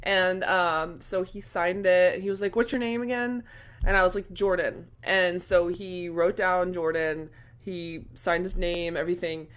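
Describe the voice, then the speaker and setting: Excitable young woman gushing in a vlog. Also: lowish voice, unhurried. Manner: excited, gushing, heavy use of "like", swearing. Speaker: vlogger. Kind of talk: casual storytelling to camera.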